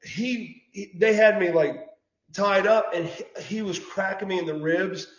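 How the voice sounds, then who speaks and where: A man, telling stories casually as an interview guest, animated and prone to repeating words. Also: high voice, unhurried. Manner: animated storyteller, says "brother", repeats words. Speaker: guest, former wrestler. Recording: dull lo-fi audio in an echoey room.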